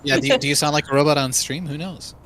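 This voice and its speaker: A man playing in a tabletop game over an online voice call, talking in an animated way. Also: a little high, fast, crowd noise. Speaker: player. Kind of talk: casual chat at a game table.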